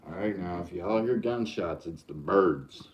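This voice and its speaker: A man's voice: low-pitched, lively intonation, unhurried. A middle-aged man, hosting a livestream and teasing his chat in a joking, easygoing drawl. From Oklahoma. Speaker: livestream host.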